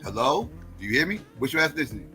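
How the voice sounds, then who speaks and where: A man's voice: mid-range voice, sing-song, fast talker, pushed and bright, faint music behind. A man hosting a heated livestream panel, blunt and mocking, laughing often. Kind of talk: heated livestream call-in debate.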